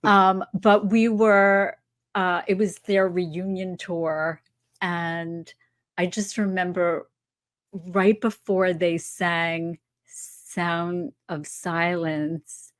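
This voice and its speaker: A woman in her sixties from New York, a stand-up comic telling dry, absurd stories slowly and softly in a casual podcast chat. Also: on the low side, little pitch movement, no room sound. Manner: dry, absurd storyteller, slow and soft delivery. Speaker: stand-up comedian guest.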